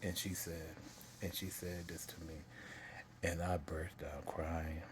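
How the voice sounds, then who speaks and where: Deep-voiced man telling a painful story. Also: flat delivery, background noise. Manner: halting, repeats himself, pauses to collect himself; earnest and emotional. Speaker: vlogger telling his life story. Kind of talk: personal confessional storytelling.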